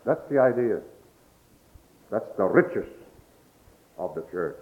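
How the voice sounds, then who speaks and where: A man's voice: fairly low pitch, lively intonation, slow, pauses often. A man preaching a sermon as pastor, building to emphatic peaks with homely grammar slips. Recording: dull lo-fi recording.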